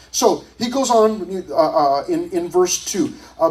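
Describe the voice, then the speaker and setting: A man's voice: high-pitched, lively intonation, unhurried, few pauses, a little mellow, distant mic, poor audio. A man, a youth pastor, teaching scripture to a group in a casual, conversational way, often restarting his sentences.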